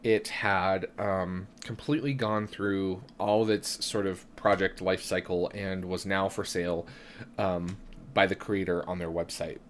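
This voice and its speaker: A young man with a low, fairly flat voice hosts a tarot live stream, speaking at a measured pace over a faint hiss or hum. He reads tarot and runs the channel, chatting reflectively while he keeps asking "right?" and starting his sentences over. He has the hiccups.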